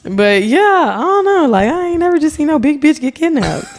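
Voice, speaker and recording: A woman's voice: high voice, big pitch swings, moderate pace, a little mellow. A young woman from Texas, a podcast guest telling stories in a brash, profane, laughing way. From Texas, USA. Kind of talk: casual chat.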